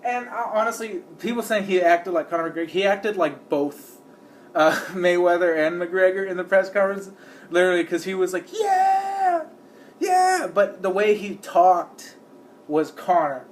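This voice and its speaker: Rambling man with a higher voice. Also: normal speed, a little hiss or hum. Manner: rambling, lots of "like" and "uh" fillers; acts out the people he describes. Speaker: video creator. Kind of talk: casual commentary.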